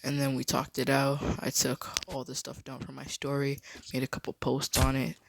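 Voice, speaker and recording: Flat gravelly man telling a story. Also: moderate pace, noisy background. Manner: low-key, rambling storytelling. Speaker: vlogger. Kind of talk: casual story time.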